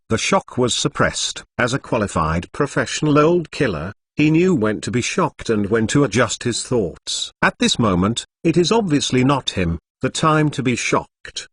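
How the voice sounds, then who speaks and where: A male text-to-speech voice narrating a translated novel, reading the punctuation marks out loud. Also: mid-range voice, no echo, studio quality. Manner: reads punctuation aloud, like "exclamation mark" and "dot dot dot". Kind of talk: machine-read novel narration.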